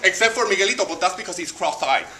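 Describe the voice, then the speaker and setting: A fussy, flustered middle-aged female schoolteacher, put on by a man scolds in a very high, shrill voice. The sound is roomy, from a live stage with an audience. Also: fast, heavy background noise. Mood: scolding. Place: theater stage. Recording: echoey stage with audience laughter.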